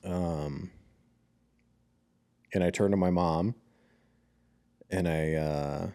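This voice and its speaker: A man's voice: deep voice, fairly even intonation, very slow, mellow. A young man co-hosting a podcast, casually telling a dream story with frequent "like" and some swearing. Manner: recounts a dream, acts out family quotes, swears freely. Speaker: podcast co-host.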